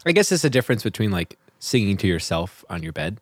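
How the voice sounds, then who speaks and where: Young guy on radio, lowish voice, kinda unsure, chatty, dry studio. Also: sing-song, fast, no room sound. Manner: hesitant, self-deprecating. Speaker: radio show co-host. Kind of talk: casual music chat.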